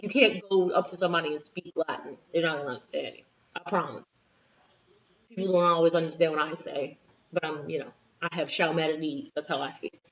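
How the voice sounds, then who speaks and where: Casting: chatty New Orleans woman teacher, slightly high, muffled lo-fi recording. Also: pushed and bright, distant mic. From Louisiana, USA. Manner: chatty, with asides and quoted voices. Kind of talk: recorded history lesson for a class.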